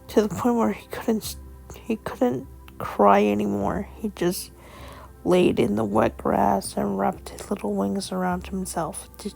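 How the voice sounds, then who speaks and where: A woman narrates a storybook tale dramatically and emotionally, speaking slowly and often correcting herself along the way. Her medium-pitched voice has vocal fry and a darkish tone, and the audio is poor.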